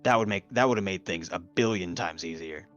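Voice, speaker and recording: A man's voice: low-pitched, brisk, dull audio, faint music behind. A man talking casually as a guest on a podcast, laughing often and swearing now and then. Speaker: guest voice actor.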